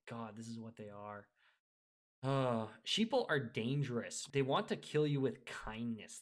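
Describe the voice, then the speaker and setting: A man in the middle of a scornful rant, swearing freely and hammering his points home. He sits at an average pitch for a man. His delivery stays emphatic and mocking, and he often breaks into laughter. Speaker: video creator. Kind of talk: ranting monologue.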